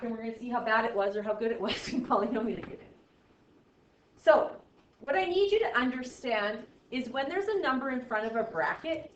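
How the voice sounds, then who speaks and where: A woman's voice: a little high, slight background noise. A woman teaching a math class in a classroom, playful and jokey, with exaggerated asides. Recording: echoey classroom, dull lo-fi sound.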